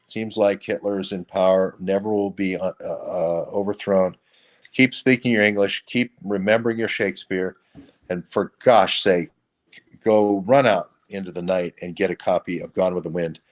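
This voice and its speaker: A man's voice: sits low, fairly even intonation, normal speed. A man co-hosting an online talk show, talking earnestly and rambling with many fillers. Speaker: co-host. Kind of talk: casual online show chat.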